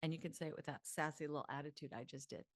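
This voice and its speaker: A woman psychologist teaching self-help, chatty and animated, leading mantras aloud. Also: low voice, rapid-fire, no room sound, studio quality.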